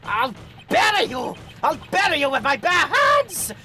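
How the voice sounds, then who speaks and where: A woman's voice: high voice, sing-song, a little slow, over music. A woman voicing a furious, vengeful old male prosecutor who rants and screams. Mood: raging. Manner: screaming, ranting.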